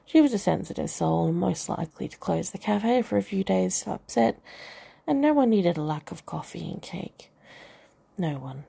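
A woman reads a first-person novel with a wry, self-mocking touch. Her voice is heavy with gravelly fry and a husky, breathy edge. The tone stays dark and mellow throughout. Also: on the low side, animated, normal speed. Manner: wry, dry humour. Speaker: audiobook narrator.

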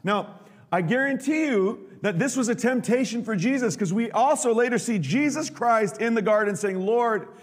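A man preaching a sermon in a dramatic, animated way, acting out the quotes he tells. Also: extremely high pitch, normal speed, big-room sound. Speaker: pastor.

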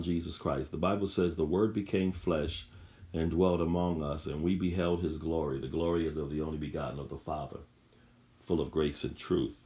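A man's voice: deep voice, a little mellow. A man preaching a sermon, reading scripture aloud and repeating phrases with rising emphasis.

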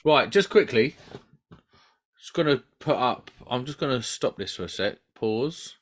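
A man's voice: mid-range voice, lively intonation, unhurried. A man co-hosting a casual podcast, joking and bantering with the others. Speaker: podcast co-host.

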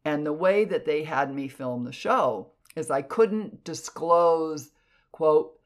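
A woman clairvoyant telling stories in an animated, expressive way. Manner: animated, expressive, jumps in pitch for emphasis. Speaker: clairvoyant podcast guest. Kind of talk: casual storytelling.

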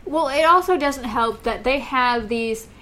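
A woman's voice: high-pitched, expressive, unhurried, pushed and bright. A woman co-hosting a casual book discussion podcast, recapping the plot and quoting characters as she goes. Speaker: podcast co-host.

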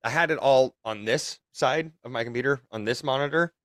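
A man's voice: medium pitch, brisk, a bit bright, no echo. A man hosting a podcast in loose, casual chat, with plenty of swearing. His voice sits in a middle range and is recorded close and dry. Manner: loose and profane, sharing his screen. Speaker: podcast host.

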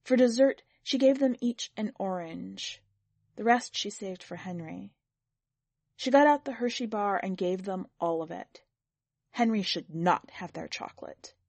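A woman reads a short story aloud in an even, measured voice. The sound is dry and close to the mic. Her pitch sits in the middle. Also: vocal fry, dry recording. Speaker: podcast editor and story reader. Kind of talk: scripted narration.

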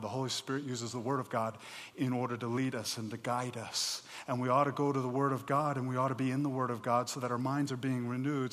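A man delivers a sermon in a mid-pitched voice, shifting between emphatic preaching and relaxed, chatty asides to his listeners. The recording carries a long hall reverb around him. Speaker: pastor.

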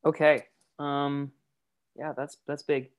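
A man's voice: a little high, level tone, slow pace, clear, resonant tone. A man, a guest in a casual interview, talking in a reflective, rambling way with many fillers and restarts. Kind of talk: casual interview about faith.

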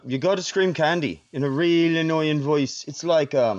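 A man improvising a crude comic monologue in a voice message, rambling and bursting into whiny shouts. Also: a little high, normal speed, hardly any pauses, highs cut off. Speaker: voice message caller.

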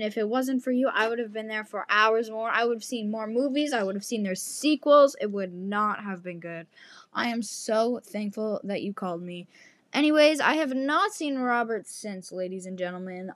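A woman's voice: medium pitch, dry recording. A young woman hosting a podcast who tells a story in a casual, dramatic way and addresses her listeners directly. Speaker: podcast host.

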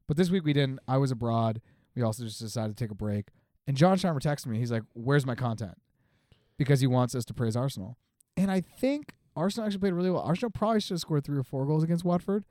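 A teasing man co-hosting a casual sports podcast, talking fast in a mellow, dark voice. The sound is close and dry. He jokes with his co-host and moves quickly from point to point. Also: mid-range voice, animated, no echo.

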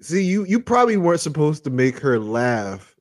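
A young man, co-hosting a family podcast in a relaxed, halting way. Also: fairly high pitch, no echo. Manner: relaxed, hesitant, many fillers and restarts. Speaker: co-host. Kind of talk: casual family podcast chat.

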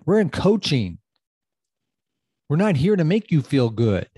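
A man's voice: on the high side, big pitch swings, unhurried, mellow, husky, no echo, studio quality. A middle-aged man hosting a motivational coaching podcast, emphatic and casual, often repeating phrases for effect. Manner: casual, loose grammar.

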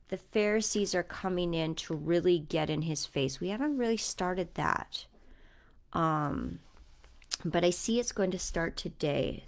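With a fairly low voice and vocal fry, a woman talks in a casual, reflective vlog. As a mother, she earnestly tells a story about her son and muses on her Bible reading, speaking with conviction.

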